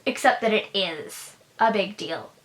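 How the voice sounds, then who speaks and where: A woman's voice: mid-range voice, lively intonation, a little slow. A young woman hosting a casual episode review, chatty and sarcastic. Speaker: host and reviewer.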